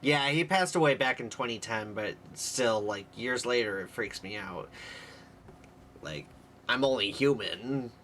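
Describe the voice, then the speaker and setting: A man's voice: medium pitch, lively intonation, unhurried, fairly bright tone, slight background noise. A young man streaming live, chatting candidly and rambling with his viewers and laughing easily. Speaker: livestreamer. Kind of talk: casual live stream chat.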